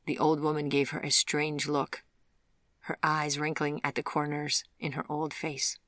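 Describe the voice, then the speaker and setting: A woman narrating a fairy-tale audiobook in a measured, even storytelling manner. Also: low-pitched, no echo, studio quality. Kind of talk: scripted narration.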